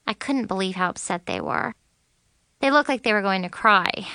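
A woman narrating a first-person story as a teenage girl, animated and expressive. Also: medium pitch, normal speed, clean tone, no echo, studio quality. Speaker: audiobook narrator.

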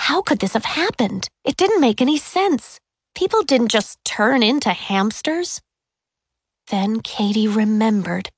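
A woman reads a children's story aloud at an unhurried pace, her voice sitting a little high. She leans into the drama of each scene. The sound is dry and close, with no room around it. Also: no echo. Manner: slow, expressive reading with voices for characters. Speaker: audiobook narrator. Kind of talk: storybook narration.

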